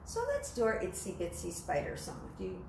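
Woman, Southern US accent, children's sing-along, playful and gentle, roomy echo. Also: lowish voice, wildly swooping pitch, brisk, vocal fry, background noise. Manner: gentle, playful, sings then chats. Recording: roomy sound with faint ukulele.

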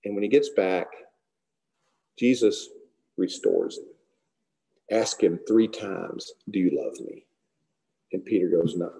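Guy teaching bible study, mellow dark voice, chatty, acts out the lines. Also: lowish voice, gravelly. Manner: conversational, retells scripture with acted-out dialogue.

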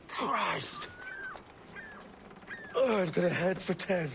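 An actor playing a brash young pirate captain who answers back in anger, in a game cutscene. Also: male voice, sits high, animated, takes it slowly, vocal fry, a little hiss or hum, exaggerated voice. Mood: weary. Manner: defiant, shouting in anger.

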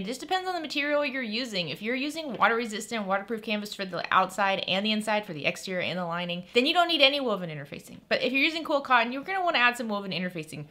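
A woman teaches a sewing project in a chatty, enthusiastic way, full of casual fillers. Her voice sits a bit high and sounds bright and crisp. She talks quickly. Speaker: sewing channel host. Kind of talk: sewing tutorial.

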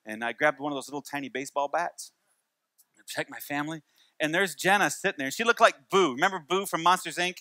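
A man's voice: a little high, fast, pushed and bright, no echo. A man in his forties preaching a church sermon, telling stories with wry humor and repeating key lines. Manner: storytelling with wry humor and repetition. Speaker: pastor.

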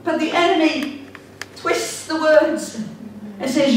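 A woman pastor preaching a fervent sermon, slowing down to stress key words. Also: high-pitched, slight background noise. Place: church hall. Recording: very echoey hall, heard from a distance.

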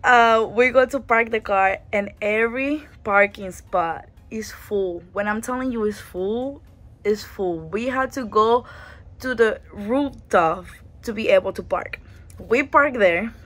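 A woman's voice: medium pitch, measured pace. A young woman vlogger casually retelling a hectic trip, acting out what people said with laughs along the way. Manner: animated retelling with quoted dialogue and laughs. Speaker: travel vlogger. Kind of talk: casual storytime.

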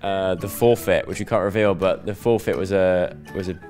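A man's voice: low-pitched, steady tone, moderate pace, a little mellow, faint music behind. A young man chatting casually in an interview, rambling and joking. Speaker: YouTuber guest. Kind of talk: casual chat.

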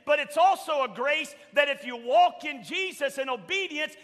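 High, bright-voiced preaching man in a reverberant church. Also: normal speed. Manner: emphatic preaching, swings from loud shouts to soft quoted asides. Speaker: pastor. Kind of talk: sermon. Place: church sanctuary.

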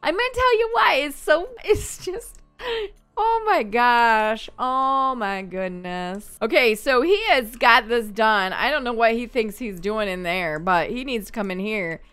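A woman hosting a gaming channel, chatting and thinking aloud as she comments on her gameplay, quick to laugh. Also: fairly high pitch, lively intonation, a bit bright, clear, resonant tone.

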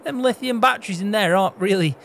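Man, farm game roleplay, teasing chuckling banter, high animated voice, vehicle noise behind. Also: fast, vocal fry. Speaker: roleplay gamer playing a farmhand.

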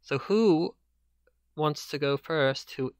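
A man's voice: a little high, slow, smooth, no echo, studio quality. A man hosting a podcast in casual chat, chatty and self-deprecating, with many fillers. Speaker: podcast host and author.

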